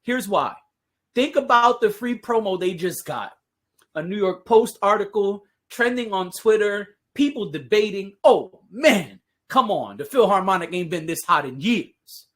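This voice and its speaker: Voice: medium pitch, normal speed, a bit bright. A podcast host chatting casually on their own, full of playful jokes, sarcastic asides and frequent laughs. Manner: laughs often while talking. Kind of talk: casual solo podcast talk.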